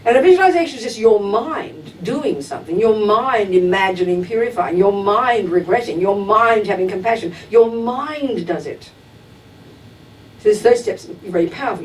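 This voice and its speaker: Woman Buddhist teacher, direct and emphatic, miked from a distance over a faint rumble. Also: a little mellow. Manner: direct and emphatic, acts out everyday examples. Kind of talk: dharma talk to a class. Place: teaching hall at a Buddhist center.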